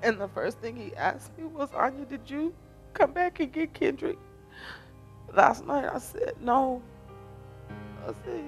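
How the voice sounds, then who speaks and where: A woman's voice: a little high, gravelly. A middle-aged woman, a bereaved mother giving an emotional personal testimony, tearful, her voice rising as she tells it.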